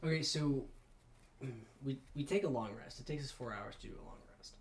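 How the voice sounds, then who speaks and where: A man playing a tabletop game, chatting eagerly about his character's moves and sometimes clearing his throat. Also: mid-range voice, normal speed. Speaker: player. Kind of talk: casual tabletop gaming chat.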